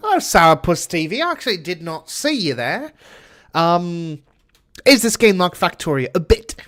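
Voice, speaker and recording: A man's voice: sits high, big pitch swings, moderate pace, fairly bright tone, soft background music. A man streaming a game, chatting with viewers and cursing casually in a put-on British accent. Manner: chatty, swears often, answers chat while playing. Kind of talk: casual gameplay commentary.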